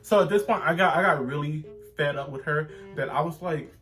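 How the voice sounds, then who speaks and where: A man casually telling a personal story to the camera, animated and rambling with frequent restarts. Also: on the high side, fairly quick, faint music behind. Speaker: vlogger.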